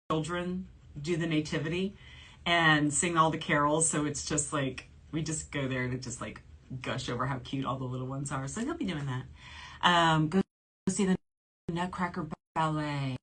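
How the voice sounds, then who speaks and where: Low-sitting, a bit bright, and husky, the voice belongs to a forty-something New Orleans, USA woman hosting a shopping channel. She chats casually on a livestream, reads viewer comments aloud, and laughs frequently.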